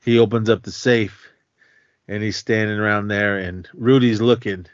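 A man's voice: lowish voice, fairly even intonation, normal speed, dry recording. Rambling man recapping a movie. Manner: rambling retelling with many fillers and self-corrections. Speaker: podcast co-host. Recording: dull, dry lo-fi podcast recording.

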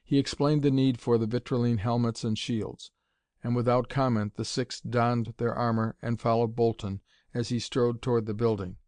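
Male audiobook narrator; steady, even reading, dry sound. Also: medium pitch, normal speed, dry recording. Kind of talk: scripted narration.

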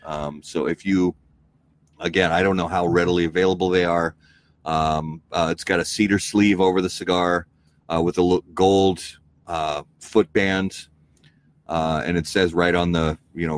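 A man with a very deep, low voice talks in an easygoing, rambling way. He co-hosts a casual podcast chat and fills his sentences with ums and uhs. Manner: relaxed, rambling, many fillers. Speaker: podcast co-host.

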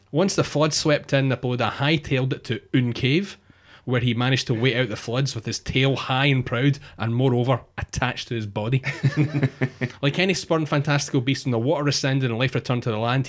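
A man telling a crude, jokey comic story with deadpan asides. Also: mid-range voice. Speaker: podcast co-host telling a monster story.

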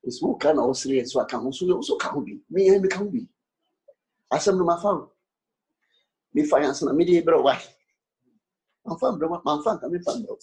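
A pastor preaching with great animation, his pitch swinging widely from low murmurs to high calls. He mixes English with Twi and breaks into sudden shouts and responses. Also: lively intonation, normal speed, long pauses. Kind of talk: sermon mixing English and Twi.

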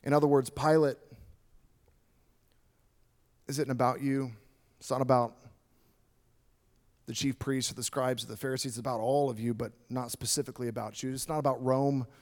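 A man voicing a calm, authoritative adult man who speaks low and measured. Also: lightly acted. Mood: calm resolve.

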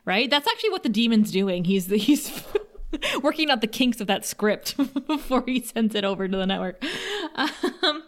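Higher-pitched giggly woman recapping TV. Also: expressive, moderate pace. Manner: opinionated, giggly, reads quotes aloud. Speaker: podcast co-host. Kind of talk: casual TV recap chat.

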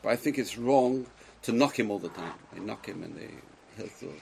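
A man giving a Torah lecture to a live class, speaking emphatically, swinging between loud exclamations and quiet asides, and putting questions to his listeners. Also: fairly low pitch, animated, normal speed, creaky, slight background noise, rough recording. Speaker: Torah teacher.

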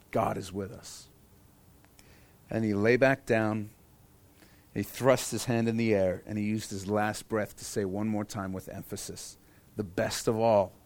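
A man's voice: mid-range voice, a little mellow, dry recording. A man preaching a sermon as pastor, earnest and repeating key phrases for emphasis.

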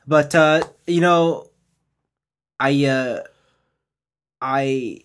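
Dude on a podcast, easygoing, agrees a lot, middle pitch. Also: male voice, steady tone, slow pace, fairly bright tone. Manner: agreeable, frequent "yeah" backchannels. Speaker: podcast co-host. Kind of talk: casual chat.

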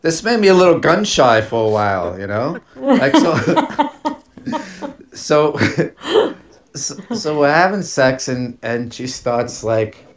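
A man's voice: fairly high pitch, wildly swooping pitch, takes it slowly, long pauses. A man telling a long personal story on a podcast, casual and rambling, with many fillers, restarts and laughs.

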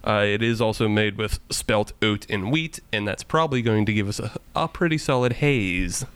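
A man's voice: on the low side, normal speed, a bit bright, clean tone, dry recording. A man co-hosting a casual beer podcast, joking, laughing often and swearing now and then. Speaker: podcast co-host introducing beers.

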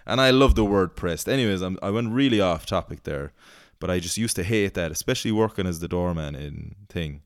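A man's voice: lowish voice, expressive, a little fast, no room sound, clean studio sound. An Irish man hosting a podcast, ranting in casual chat and swearing freely. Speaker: podcast host.

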